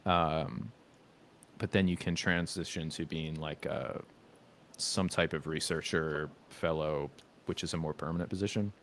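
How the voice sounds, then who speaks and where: Brief: very low-voiced man in his thirties, rambling home-stream chatter, hesitant, lots of restarts. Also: fairly even intonation, measured pace. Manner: rambling, hesitant, self-correcting. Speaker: stream host. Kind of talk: casual chat.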